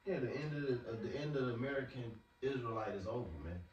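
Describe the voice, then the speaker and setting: A man's voice: mid-range voice, fast, darkish tone, dull audio, slight background noise. A man preaching in a casual, slangy way, often repeating words as he talks. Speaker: street preacher. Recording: echoey, from far off.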